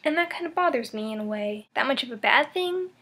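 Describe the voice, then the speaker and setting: A woman's voice: high-pitched, expressive, a little fast, pushed and bright, slightly rough. Rambling young woman vlogging thoughts. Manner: rambling and thoughtful, many fillers and restarts. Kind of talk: casual vlog monologue.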